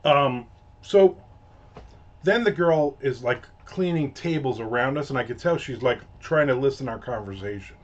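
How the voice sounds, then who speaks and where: A man's voice: mid-range voice, normal speed. A man hosting a casual ranting monologue, telling a story in a profane, exasperated way. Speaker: host. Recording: dull lo-fi audio.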